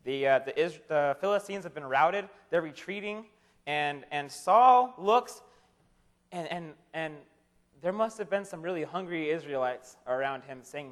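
High-voiced young preacher in a reverberant hall. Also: male voice, normal speed. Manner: joking, conversational, often repeats words. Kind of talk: casual humorous sermon. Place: chapel or hall with an audience.

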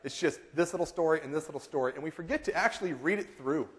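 A man in his thirties preaching a sermon, telling a lively story and acting out quotes in high voices. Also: quick pace. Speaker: pastor. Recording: long reverb of a large hall.

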